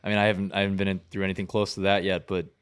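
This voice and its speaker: A man hosting a casual interview, relaxed and swearing freely as he tells a story. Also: deep voice, very fast, clean tone. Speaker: podcast host.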